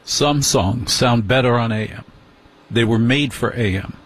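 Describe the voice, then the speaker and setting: A man's voice: mid-range voice, a little slow, breathy edge. Wry older male late-night radio host. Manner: wry, self-deprecating, rambling asides. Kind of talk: late-night radio talk with listener mail.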